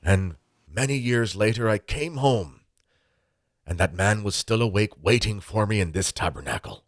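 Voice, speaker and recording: A man doing an impression of an old Irish priest, with an Irish accent, delivering a slow, preachy sermon. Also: fairly low pitch, expressive, dry recording, clean studio sound, pitched above the performer's own voice, close to an everyday voice. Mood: preaching. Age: older.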